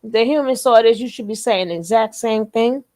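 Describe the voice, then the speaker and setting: A woman with a fairly high voice gives reaction commentary. She talks emphatically and bluntly, circling back to the same phrases again and again. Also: brisk, dark tone. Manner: emphatic, repeats phrases over and over; blunt, curses then apologizes.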